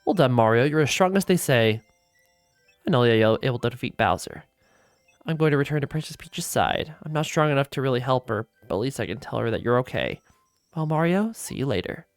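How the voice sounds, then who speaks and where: Woman doing a hurried star kid voice, polite, bouncy pitch, dry mic. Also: sing-song, no echo, faint music behind, heavily acted. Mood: earnest. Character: eager young male star spirit, earnest.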